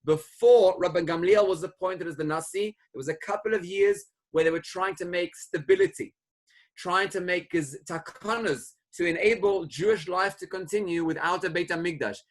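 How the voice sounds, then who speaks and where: A middle-aged rabbi delivers a Torah lecture, his voice sitting a little higher than most men's. He explains his sources patiently and moves into storytelling, lifting his tone when he voices the people in the story. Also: moderate pace. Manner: explanatory, retells stories and lifts his voice for quoted speakers. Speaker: rabbi teaching a class.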